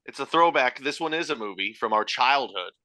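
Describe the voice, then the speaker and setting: A man's voice: medium pitch, expressive, fairly quick, bright, forceful tone, dry recording. A man in his thirties co-hosting a podcast in casual chat, joking and laughing often at his own puns. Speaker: podcast co-host.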